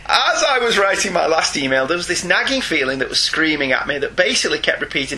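Reading listener emails aloud on a podcast, a Northern English co-host teases his partner and laughs often in a jokey way. His voice is on the high side and sing-song, quick and sharp, with few pauses.

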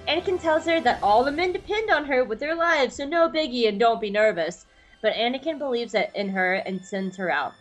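A woman co-hosting a podcast, chatting casually and reading episode recaps. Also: fairly high pitch. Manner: chatty, filler-heavy, reads summaries. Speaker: podcast co-host.

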